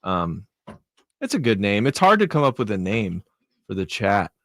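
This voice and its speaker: A laid-back male producer who chats to a livestream audience in a loose, meandering way. His voice sits on the low side and sounds dry and close to the mic. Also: very animated, normal speed, fairly bright tone, no room sound. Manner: loose, rambling, easygoing. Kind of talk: casual chat on a livestream.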